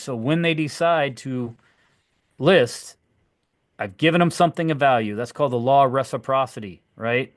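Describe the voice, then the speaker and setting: A middle-aged man coaching fellow agents, acting out conversations with clients in a lively, animated way. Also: medium pitch, normal speed, no room sound, studio quality. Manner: lively, acts out dialogues with clients. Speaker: real estate agent and trainer. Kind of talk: coaching session talk.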